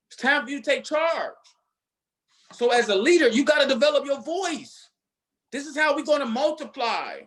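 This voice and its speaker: High-voiced man giving a fired-up pep talk. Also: normal speed. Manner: energetic preacher-like delivery, emphatic repetition. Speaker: network marketing leader. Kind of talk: motivational talk.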